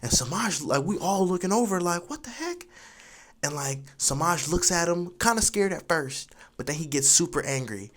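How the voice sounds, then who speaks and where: A young man in his twenties telling a school story casually, animated and full of fillers like "you know". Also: fairly high pitch, moderate pace, hardly any pauses. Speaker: vlogger.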